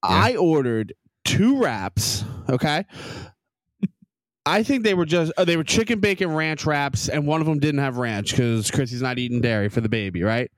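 A young man on a podcast, his voice pitched a bit high, delivering a heated, profane comedic rant. He tells his story animatedly into a dry, close mic. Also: lively intonation, moderate pace, no room sound. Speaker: podcast co-host.

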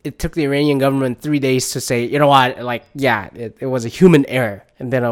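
A man hosting a casual solo podcast, rambling and swearing often, low on energy and under the weather. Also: fast, hardly any pauses. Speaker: podcast host.

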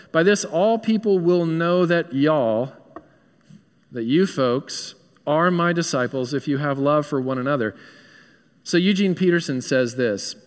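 A man's voice: on the high side, big-room sound. A man with a Southern US accent, a pastor preaching an earnest, conversational sermon in a church. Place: church sanctuary.

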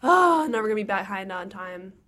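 A young woman co-hosting a podcast in casual chat, bubbly and excitable, often giggling. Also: mid-range voice, brisk. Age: young adult. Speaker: podcast co-host.

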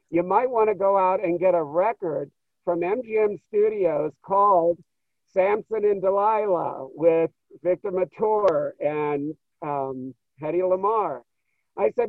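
A man guest in an interview, telling stories in an animated way and acting out what people said. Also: high-pitched, dry recording. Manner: animated, acts out quoted dialogue. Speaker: interview guest, show producer. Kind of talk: storytelling interview. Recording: tinny phone line, dry.

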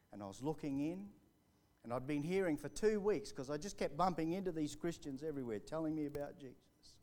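A man preaching live in a church hall. His voice sits a little high for a man, and he swings from fervent, rising emphasis to quiet, hushed storytelling. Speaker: pastor. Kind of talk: sermon.

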